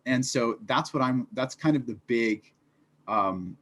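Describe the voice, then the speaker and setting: A man's voice: medium pitch, unhurried, fairly bright tone. A man speaking as an interview guest, earnest and reflective, leaning on fillers as he explains his ideas. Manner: earnest, reflective, many fillers like "like" and "you know". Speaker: fitness business founder, guest. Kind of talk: casual interview chat.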